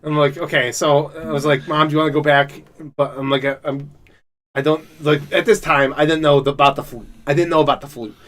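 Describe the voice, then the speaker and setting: A man co-hosting a casual podcast chat, telling a rambling, profane story that turns loud and laughing when he gets excited. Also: fairly high pitch, a little fast. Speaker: podcast co-host.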